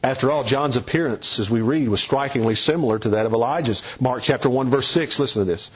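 A man preaching an expository sermon, emphatic and deliberate, leaning hard on key words. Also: mid-range voice, slightly rough, lo-fi sound.

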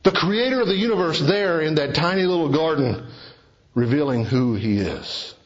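A man delivering a sermon in a fairly high voice. He swings from soaring, emphatic lines down to hushed, almost whispered passages. The recording is dull and lo-fi. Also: expressive, normal speed. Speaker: preacher.

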